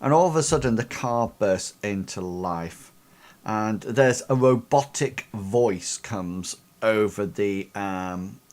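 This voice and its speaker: Hesitant game master, low voice. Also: male voice. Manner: hesitant, lots of fillers and restarts. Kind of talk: narrating a tabletop game.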